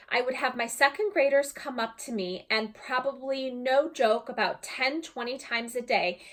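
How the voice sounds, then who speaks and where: A woman who teaches second grade, reading her own children's storybook aloud in a bright, teacherly way. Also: fairly high pitch.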